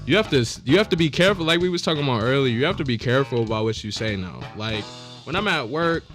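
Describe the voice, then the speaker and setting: A man's voice: mid-range voice, animated, quick pace, over music. A man, a local rapper, chatting casually as a podcast guest, laid-back and full of "man" and "like". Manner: laid-back, lots of "man" and "like", thanks repeatedly.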